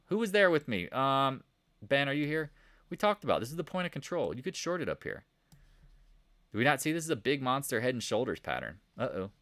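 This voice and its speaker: Animated male trading livestream host. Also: mid-range voice. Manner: animated, excitable, talks straight to viewers. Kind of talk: live market chat answering viewer questions.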